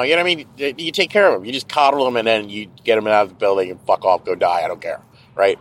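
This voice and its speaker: A man's voice: mid-range voice, fairly quick, fairly bright tone, rough recording. A middle-aged man hosting a podcast, ranting in a casual, sarcastic and profane monologue from his car. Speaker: podcast host. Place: car, driving.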